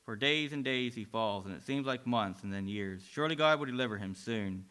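A man narrating a dramatic religious story, swinging between loud and hushed delivery. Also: medium pitch, fairly quick, clear, resonant tone.

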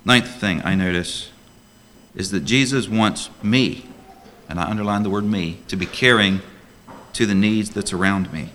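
Bright-voiced deacon preaching a sermon. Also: male voice, fairly low pitch, moderate pace, slight background noise. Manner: earnest, rhetorical questions, emphatic. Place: church before a congregation.

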